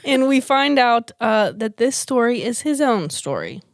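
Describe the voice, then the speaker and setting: A woman's voice: fairly high pitch, a little slow, dry recording, clean studio sound. A woman co-hosting a podcast, chatting casually and retelling a film plot with lots of laughter. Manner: giggly, animated storyteller who laughs often. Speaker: podcast co-host.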